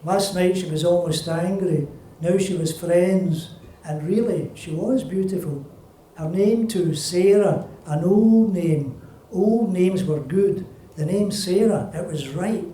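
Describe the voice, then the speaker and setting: Scottish author reading, high-pitched and mellow. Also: male voice, a little hiss or hum. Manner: plain, unhurried storytelling. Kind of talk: reading from a novel. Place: festival venue. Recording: roomy, distant live reading.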